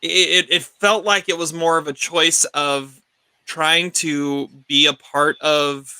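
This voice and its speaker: Bright, dry-sounding male podcast host. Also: fairly high pitch, takes it slowly, smooth, no room sound. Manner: restarts sentences, animated when arguing. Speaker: podcast co-host leading the segment. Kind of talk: casual film discussion.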